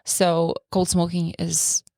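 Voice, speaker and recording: This is a woman in her forties with a Russian accent, talking as a guest on a podcast. Her voice sits a little low, and the recording is dry and close. She chats freely, laughs often and explains things with eager detail. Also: completely flat delivery, slow, vocal fry, warm tone, no echo. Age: 40s. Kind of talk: casual chat.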